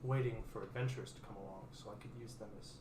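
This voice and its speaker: A man running a tabletop game as dungeon master, halting and full of restarts. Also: on the low side, fairly even intonation. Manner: halting, restarts often, many fillers. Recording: echoey room, distant mic, noisy.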